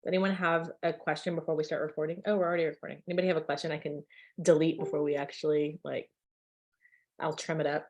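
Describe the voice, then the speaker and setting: A woman's voice: low-pitched, level tone, fast talker, darkish tone, highs cut off. A woman hosting a video call, chatty and enthusiastic, with lots of filler words. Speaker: meeting host.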